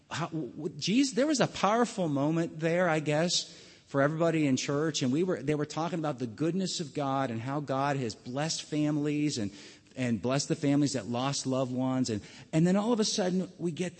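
A man preaching a sermon as pastor, earnest and halting, often restarting his words. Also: medium pitch, in a large hall.

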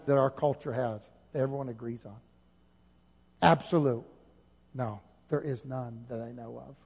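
A male pastor preaching an impassioned sermon, rising at times to near shouting. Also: medium pitch, normal speed, vocal fry, husky. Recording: dull audio with long hall reverb.

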